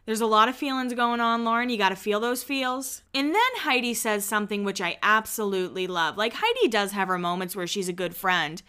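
A woman hosting a podcast, recapping reality TV in a chatty, snarky, animated way. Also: medium pitch, a little fast, hardly any pauses, clean tone. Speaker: podcast host. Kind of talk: casual reality-TV recap chat.

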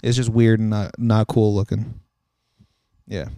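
A man's voice: fairly low pitch, measured pace, smooth, no echo, studio quality. A man co-hosting a casual podcast, chatting and laughing a lot, swearing freely as he retells scenes. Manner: laughing often, profane, animated retelling. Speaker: podcast co-host. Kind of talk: casual chat.

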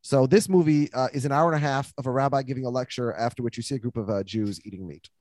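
A man's voice: medium pitch, no room sound. A man hosting a podcast in casual chat, joking and teasing as he runs through a list. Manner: joking, teasing, quick and lively. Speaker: podcast host.

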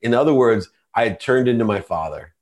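A man's voice: mid-range voice, animated, brisk. A middle-aged man, a podcast guest, telling a personal story in an earnest, confessional way.

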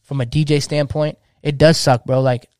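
A man's voice: a little high, little pitch movement, moderate pace, darkish tone, dry recording, clean studio sound. A man in his thirties, a DJ, talking passionately in casual slang and restarting his sentences often. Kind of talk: casual podcast chat.

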